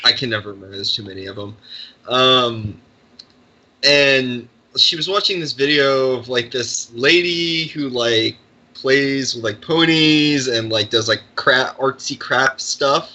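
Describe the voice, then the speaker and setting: A man's voice: medium pitch, unhurried, pushed and bright, rough recording. A man co-hosting a casual podcast, rambling with lots of "like" and restarts. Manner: rambling, heavy use of "like" and restarts.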